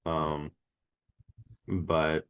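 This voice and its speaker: A man co-hosting a podcast in casual chat, animated, laughing often and swearing casually. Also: extremely low pitch, drawn-out words, clear, resonant tone. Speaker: podcast co-host.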